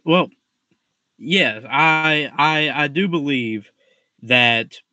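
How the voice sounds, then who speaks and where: A man co-hosts a wrestling preview show, explaining slowly with restarts and repeated phrases. His voice is a bit high and bright, recorded close and dry. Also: no room sound. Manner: halting, restarts and repeats himself. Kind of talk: casual podcast chat.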